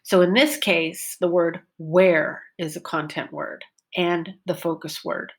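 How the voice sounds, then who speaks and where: A woman teaching a pronunciation lesson, speaking slowly and carefully and drawing out words to show pitch changes. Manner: slow and deliberate, stretches words to show pitch. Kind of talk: slow, careful classroom lesson.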